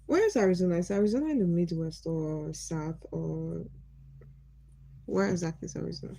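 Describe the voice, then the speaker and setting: Chatty Nigerian woman with a bright voice. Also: deep voice, steady tone, moderate pace, gravelly, no room sound, rough recording. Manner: chatty, greets viewers by name, asks curious questions. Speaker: livestream host. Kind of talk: casual livestream chat with viewers.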